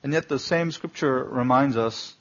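A man's voice: medium pitch, normal speed, muffled recording. A man preaching a sermon, building to emphatic swells and asking the listeners rhetorical questions. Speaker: pastor.

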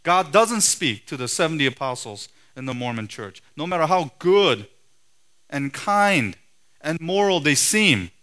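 A man preaching a sermon in a forceful, emphatic way, his voice swelling loud and then dropping low. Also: big pitch swings, unhurried. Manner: forceful, emphatic preaching with sharp rises and drops in loudness.

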